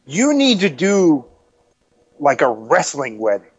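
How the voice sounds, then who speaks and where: Co-host, man, wisecracking, lively pitch, dull lo-fi sound. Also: slightly rough, no echo. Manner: joking, throws in quick one-liners. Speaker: podcast co-host. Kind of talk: casual chat.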